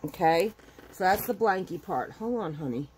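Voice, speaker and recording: A middle-aged woman vlogging about her crochet work from home. Her voice sits on the low side, and she talks in a rambling, chatty way. She sounds emotional at times. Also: lively intonation, normal speed, a little mellow, slight background noise. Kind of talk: casual chat.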